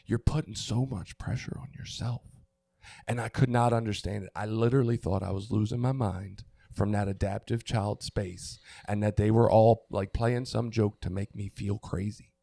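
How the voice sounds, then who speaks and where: A man's voice: lowish voice, steady tone, normal speed, creaky, hardly any pauses, warm tone, no room sound. A middle-aged man on a recovery podcast, speaking openly and searching for words, restarting often and swearing now and then. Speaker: podcast co-host. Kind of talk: candid recovery podcast talk.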